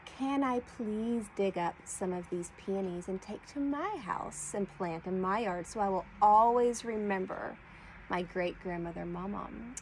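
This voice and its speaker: A woman teaching a preschool class, speaking slowly and clearly as she sounds out letter blends for young children. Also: medium pitch, a little hiss or hum, poor audio. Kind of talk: slow read-aloud lesson for young children.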